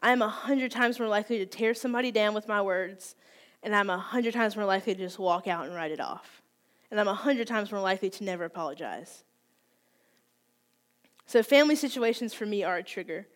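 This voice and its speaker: A woman in her twenties giving a candid, conversational sermon, open and self-deprecating about her own faults. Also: mid-range voice. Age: 20s. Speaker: youth speaker.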